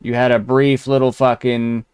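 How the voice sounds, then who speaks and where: A man's voice: medium pitch, little pitch movement, moderate pace, a little mellow, smooth, dry recording, studio quality. A man hosting a reaction show, mocking and ranting at the person in the clips with heavy swearing. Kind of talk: profane reaction commentary.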